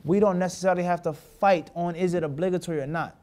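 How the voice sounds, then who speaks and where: A man's voice: high-pitched, steady tone, fast, mellow. A man teaching a classroom hadith lesson, mixing Arabic terms into his English and often stopping to check that his students follow. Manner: asks the class rhetorical check questions. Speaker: Islamic teacher.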